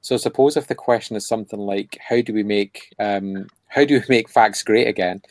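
A man's voice: on the low side, brisk, no room sound. A man co-hosting a casual podcast, rambling and sardonic, with lots of filler words. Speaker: podcast co-host.

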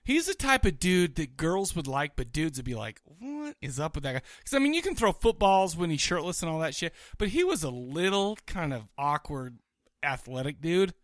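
A man's voice: on the high side, sing-song, moderate pace, fairly bright tone, no echo, studio quality. A man co-hosting a podcast in casual chat, rowdy and joking, often talking over his co-host.

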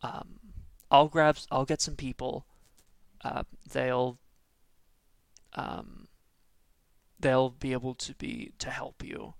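Hushed, jittery male informant, halting delivery, gravelly edge, a man doing the voice. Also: medium pitch, fairly even intonation, no room sound. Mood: hushed urgent. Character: secretive, jittery male contact handing off a book.

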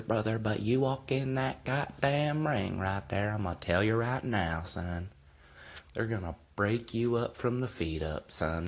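A man's voice: on the low side, breathy edge. A man in his twenties hosting a casual podcast, ranting loosely with heavy swearing while sipping beer. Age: 20s. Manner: profane, loose, drinking beer while talking. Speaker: podcast host. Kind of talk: casual comedic rant.

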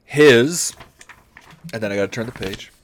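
A man co-hosting a comedy podcast, reading a story aloud in a deadpan way and stopping to comment on the text. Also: medium pitch, normal speed. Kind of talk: comedic read-aloud with banter.

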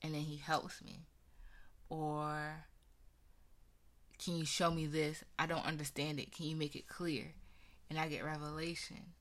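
A woman's voice: deep voice, a bit bright. A young woman sharing her personal faith story in an earnest, conversational way, with many casual fillers.

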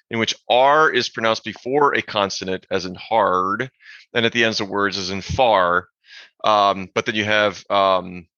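Man, low gravelly voice, bright edge, rambling podcast chat, dull lo-fi sound. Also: dry recording. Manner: rambling, self-described language nerd, animated asides. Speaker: podcast co-host. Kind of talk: casual chat.

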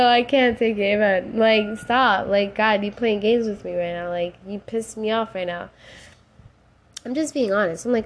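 A woman's voice: mid-range voice, fairly even intonation, unhurried. A woman hosting a faith podcast, speaking casually and emotionally, tearful at times, slipping into slang and prayer. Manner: emotional, rising to cries and laughs, casual slang. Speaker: podcast host.

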